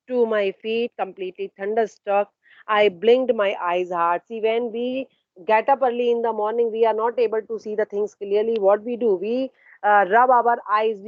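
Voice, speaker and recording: A woman's voice: on the high side, darkish tone, no room sound, dull audio. A woman teacher explaining a story line by line in an online class, asking questions and answering them herself. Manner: asks questions then answers them, paraphrasing and repeating. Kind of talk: online literature lesson.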